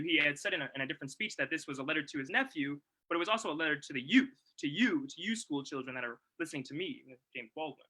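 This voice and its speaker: A young man giving a reflective presentation, talking in a halting, thoughtful way with many pauses and restarts. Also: fairly high pitch, pushed and bright, rough recording. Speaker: presenter at a livestreamed celebration.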